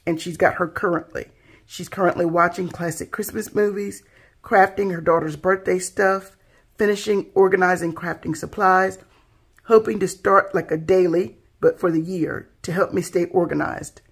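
Soft-spoken husky woman gushing over crafts. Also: lowish voice, steady tone, normal speed. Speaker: craft channel host. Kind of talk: casual unboxing chat.

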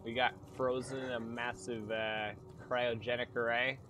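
A man's voice: medium pitch, little pitch movement, unhurried, sharp tone. A man hosting a gaming channel, talking through a game in a casual let's-play commentary with crude, sarcastic jokes. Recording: noisy background.

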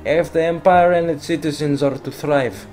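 A courteous, scheming crime boss speaks in a hammy mock-Italian accent, pitched well above a plain speaking voice, as a man reads a game's lines aloud. Soft game music plays faintly behind him. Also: fairly even intonation, moderate pace, lightly acted. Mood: suave. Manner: overdone put-on Italian accent, courteous and silky. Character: smooth-talking male crime boss, polite and scheming. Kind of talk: reading game dialogue aloud in character.

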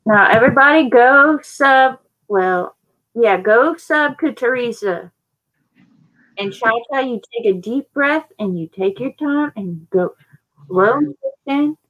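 A woman's voice: fairly high pitch, animated, measured pace, fairly bright tone. A woman co-hosting a casual live sale stream, chatting and urging viewers to subscribe. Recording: dull, lo-fi audio.

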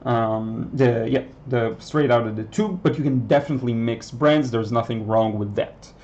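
A Hebrew-speaking watercolor artist hosts a painting livestream, chatting casually and answering questions with plenty of ums. His mid-range voice has a darkish tone and a moderate pace, and the recording is muffled with slight background noise.

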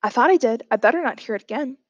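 A woman's voice: fairly high pitch, animated, racing, no room sound, muffled recording. A woman reading aloud as a stern, prim aunt who scolds a child. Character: stern middle-aged Southern aunt, strict.

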